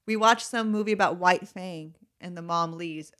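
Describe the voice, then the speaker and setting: A woman's voice: fairly low pitch, normal speed, fairly bright tone. A woman guest in a casual podcast chat, an adoptive mother who talks chattily and makes wry remarks.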